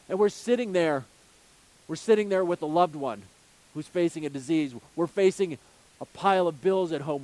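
A man's voice: high voice, darkish tone. A male pastor preaching a sermon, earnest, building his points with repeated phrases and rhetorical questions.

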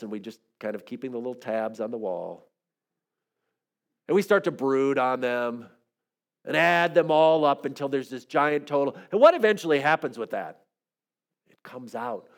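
A man preaching a sermon, telling stories, dropping to soft quiet phrases and rising to emphatic ones. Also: a little high. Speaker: pastor.

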